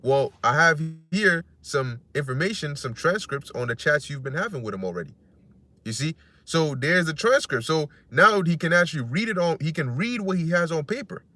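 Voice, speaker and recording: Bright-voiced man preaching loosely. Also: a little high, very animated, moderate pace. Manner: rambling and conversational, acts out quoted voices, curses freely. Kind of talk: casual scripture commentary.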